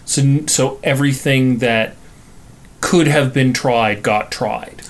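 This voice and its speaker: A man's voice: medium pitch, slow. A Canadian man co-hosting a casual chat about recording cover songs, rambling with fillers and restarts. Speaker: podcast co-host.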